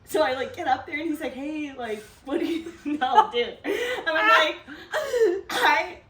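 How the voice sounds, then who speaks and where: A woman's voice: high-pitched, lively intonation, measured pace, fairly bright tone. A young woman co-hosting a podcast, telling a story in casual chat and acting out the quotes with lots of laughter. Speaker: podcast co-host. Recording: echoey room, a bit distant from mic.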